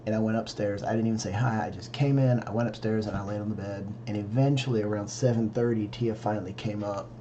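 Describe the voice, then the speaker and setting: A man's voice: on the low side, fairly even intonation, quick pace, hardly any pauses, mellow, dull audio, slight background noise. A tired man recapping his day in a casual vlog, rambling and correcting himself, talking in his home office late at night. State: tired, yawning. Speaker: vlogger.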